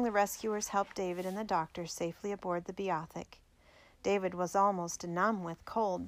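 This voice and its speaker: Measured woman reading a biography aloud. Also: mid-range voice. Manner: measured, clear storytelling. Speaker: narrator.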